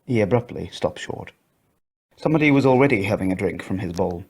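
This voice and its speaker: Lively man reading a children's story. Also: low-pitched, brisk, breathy edge. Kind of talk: scripted narration of a children's story.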